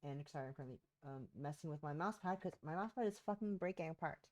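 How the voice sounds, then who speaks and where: A woman with a sore throat streams a game from home, chatting casually in a rambling way and often interrupting herself. Her voice is low and a little mellow, and she talks fast.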